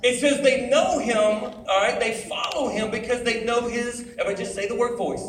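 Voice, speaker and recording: A middle-aged man preaching to teenagers in an animated way, calling out for the crowd to answer him. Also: very high voice, fairly quick. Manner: animated, calls for audience responses. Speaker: youth speaker. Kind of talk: sermon. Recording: echoey hall from far off with faint noise.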